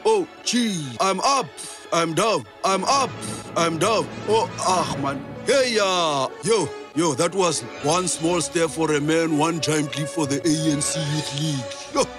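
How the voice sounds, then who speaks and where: A man impersonating a brash young male political leader, bombastic and loud as he gives orders. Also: on the high side, slow pace, over music. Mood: excited. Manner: bombastic, shouting at the sea.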